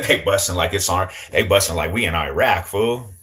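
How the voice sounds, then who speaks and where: Young male streamer, deep low voice, casual and joking, lots of slang, talks straight to chat. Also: lively intonation, normal speed, fairly bright tone. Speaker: livestream host.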